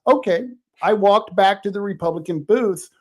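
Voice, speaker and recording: A man hosting a casual talk show, telling blunt, animated stories about run-ins with others. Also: sits high, moderate pace. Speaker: host, independent journalist. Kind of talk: casual storytelling chat.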